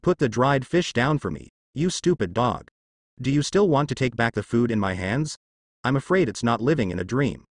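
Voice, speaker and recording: A man's voice: mid-range voice, animated, normal speed, dry recording, studio quality. A man reading as a scornful little black cat.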